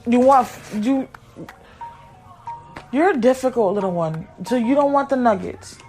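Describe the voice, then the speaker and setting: A woman's voice: a little high, animated, unhurried, a little mellow, faint music behind. A woman hosting her own podcast from home, chatting casually and bluntly to viewers while looking after her kids and getting sidetracked. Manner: rambling, blunt, easily sidetracked. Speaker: podcast host and mother.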